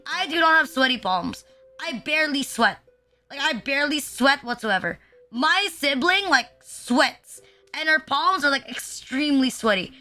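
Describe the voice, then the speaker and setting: A woman's voice: sits high, pushed and bright. A young woman from the Philippines, chatting casually on a live stream in a rambling, self-deprecating way full of "like" fillers. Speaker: VTuber streamer.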